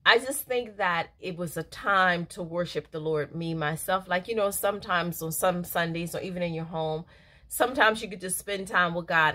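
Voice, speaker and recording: A woman's voice: lowish voice, fairly bright tone. A middle-aged woman reading a daily devotional aloud and reflecting on it in a casual, earnest, emotional way, laughing easily. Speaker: devotional speaker.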